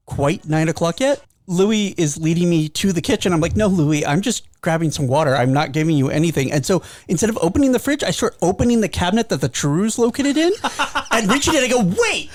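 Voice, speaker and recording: A man spins a casual story on a podcast, his pitch swinging widely as he acts out what his cats would say. The sound is close and dry, with no room around it. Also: no echo. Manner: animated storytelling, acts out his cats' voices. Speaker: podcast co-host. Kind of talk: casual chat.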